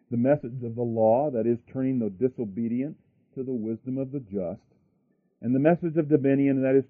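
A man's voice: mid-range voice, no room sound. A man preaching a sermon, building emphasis by repeating his phrases. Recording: tinny phone-like line, dry.

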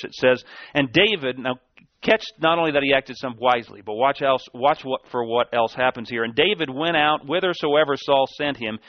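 A man preaching a sermon, emphatic, repeating key words and swinging between a raised and a dropped voice. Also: medium pitch. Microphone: sermon tape recording. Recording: dull dry lo-fi church tape.

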